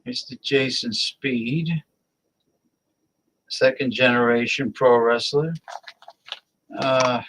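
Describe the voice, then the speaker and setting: A man's voice: mid-range voice, fairly even intonation, slow, long pauses, a bit bright, slight background noise, rough recording. A man hosting a live-stream talk show, rambling casually and muttering to himself as he invites guests.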